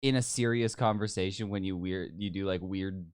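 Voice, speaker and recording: Brief: man, smooth mid voice, loose joking co-host, dry mic. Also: sits low, fairly even intonation, moderate pace, no echo. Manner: laughs easily, loose and chatty, does mock voices. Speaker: podcast co-host. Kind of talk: casual chat.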